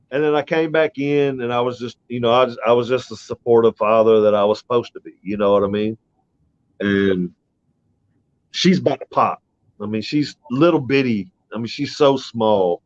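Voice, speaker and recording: A man's voice: medium pitch, normal speed. Middle-aged man rambling on lo-fi audio. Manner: rambling, profane, emotional retelling. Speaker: podcast host. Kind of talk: casual storytelling chat. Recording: dull lo-fi audio.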